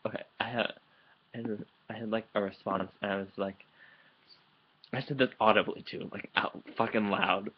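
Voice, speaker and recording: A man's voice: on the low side, fairly even intonation, normal speed, muffled recording. A man ranting angrily into his computer late at night, heated and profane, rambling and restarting his sentences. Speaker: vlogger. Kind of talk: angry vlog rant. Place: indoors at home, late at night. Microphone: computer microphone.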